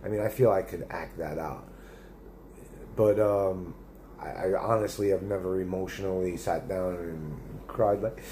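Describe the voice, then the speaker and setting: A man's voice: deep voice, moderate pace, mellow, a little hiss or hum. A middle-aged man live streaming, rambling and swearing in casual chat as he reads viewer comments aloud. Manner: rambling and profane, with many restarts.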